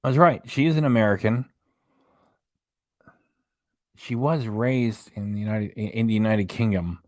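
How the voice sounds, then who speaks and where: A man with a lowish, darkish voice hosts a casual reaction livestream at a moderate pace. Chatty and rambling, he reads chat messages and web pages aloud, captured in clean studio audio with no room sound.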